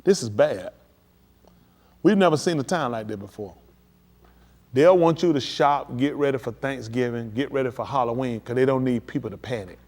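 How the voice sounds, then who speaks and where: A man preaching on a livestream, emphatic and addressing his listeners directly, building to excited peaks. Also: medium pitch, moderate pace. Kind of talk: livestream preaching on world events.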